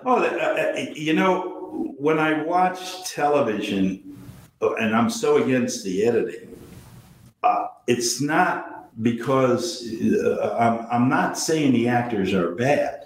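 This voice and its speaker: An older man, a veteran actor, telling animated anecdotes in an interview and acting out his friends' lines. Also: mid-range voice, slow, echoey room, slight background noise, rough recording. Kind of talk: storytelling interview.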